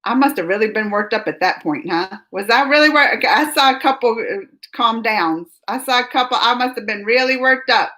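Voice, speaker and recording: Hosting a casual livestream, a woman with a slightly high, lively voice reads chat comments at normal speed. She rambles, gets worked up, then trails off quietly.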